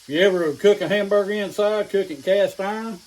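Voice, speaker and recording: A middle-aged man with an East Tennessee drawl hosts a homespun cooking vlog from his kitchen. His voice sits fairly high, and he talks in a friendly, folksy way, sometimes while chewing. A skillet sizzles behind him. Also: fairly quick, a little mellow, slight background noise, poor audio. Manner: folksy and down-home, talking while eating. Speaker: home cooking channel host. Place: home kitchen. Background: food sizzling in a skillet.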